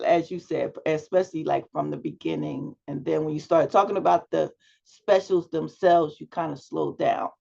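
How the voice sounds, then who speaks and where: Gravelly woman coaching over a video call. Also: low voice, darkish tone. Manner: coaching, asks questions and prompts students. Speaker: public speaking instructor. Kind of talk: class feedback over video chat. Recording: dull lo-fi video call audio.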